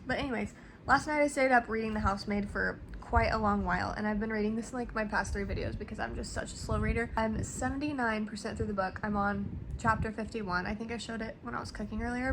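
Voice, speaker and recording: A woman's voice: on the high side, fairly even intonation, fast, noisy background. A young woman, talking casually to her phone camera in a rambling vlog, full of "like" and "literally". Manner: chatty, rambling, lots of "like" and "literally". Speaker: vlogger. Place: at home, in bed, and in a car.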